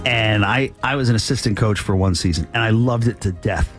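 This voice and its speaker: A man's voice: lowish voice, brisk, faint music behind. A man co-hosting morning radio, goofy and self-mocking, on a studio mic. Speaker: radio host.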